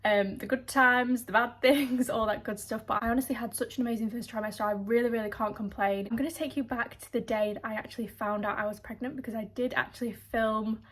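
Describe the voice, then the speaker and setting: A woman's voice: fairly high pitch, steady tone, fast talker, hardly any pauses, fairly bright tone. A young woman, chatting to camera in a gushing, bubbly video-diary style with frequent laughs. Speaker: lifestyle vlogger.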